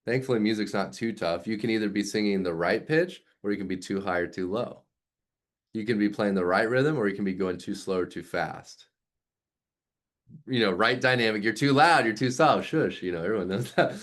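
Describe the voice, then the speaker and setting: A man's voice: fairly low pitch, a little fast. A man in his thirties, a music teacher explaining his method in casual talk and acting out sounds with his voice. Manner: animated, demonstrates sounds with voice play.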